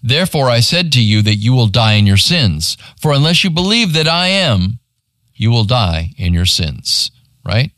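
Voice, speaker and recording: Lively, bright-voiced male pastor teaching. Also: mid-range voice, normal speed, no room sound, clean studio sound. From United States. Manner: conversational teaching, asking "right?" often. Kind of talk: sermon.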